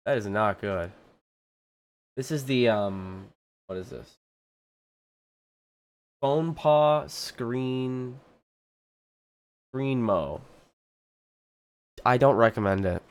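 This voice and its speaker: A man streaming a game live, complaining in an exasperated, dramatic way and laughing a lot at his own troubles. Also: mid-range voice. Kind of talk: casual live gameplay commentary.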